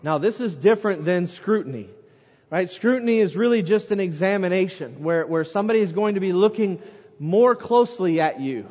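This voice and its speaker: A man preaching a sermon, reading scripture aloud and swinging between loud emphasis and quiet, slow lines. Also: high voice, lively intonation. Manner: reads scripture aloud, dramatic swings in loudness and pace. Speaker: pastor. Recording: muffled sound with long hall reverb.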